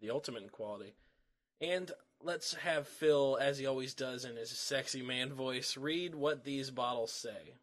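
A man's voice: medium pitch, a little slow, few pauses. A man co-hosting a podcast, trading dry jokes in casual chat. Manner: joking, dry banter. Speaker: podcast co-host.

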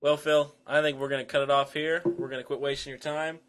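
A man's voice: a little high, little pitch movement, fast talker, a bit bright. A man co-hosting a casual podcast, teasing his partner with crude jokes and frequent laughter. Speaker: podcast co-host. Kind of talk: casual chat.

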